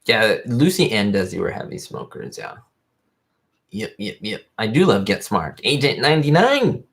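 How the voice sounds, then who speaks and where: Low-voiced man chatting on a livestream. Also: expressive, moderate pace, a bit bright. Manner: rambling, fan-like, lots of fillers. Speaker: YouTube host. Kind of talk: casual livestream chat.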